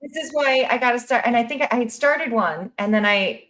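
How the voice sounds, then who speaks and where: A woman's voice: a little high, brisk, a bit bright. A woman hosting a live video-call show, rambling and interrupting herself with jokes and restarts. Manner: rambling, self-interrupting, joking. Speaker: host. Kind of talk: casual live-stream chat.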